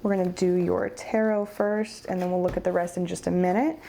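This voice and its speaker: Woman, tarot reader, warm mellow tone, earnest, encouraging, faint room hum. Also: on the low side, steady tone, a little fast, gravelly. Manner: earnest and encouraging, speaks straight to the viewer. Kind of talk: pick-a-card tarot reading.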